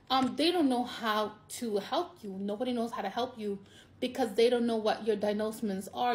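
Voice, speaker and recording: A woman talking in a personal vlog monologue, emotional and near tears, halting and repeating herself, her voice jumping up when she is moved. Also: fairly high pitch. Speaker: vlogger.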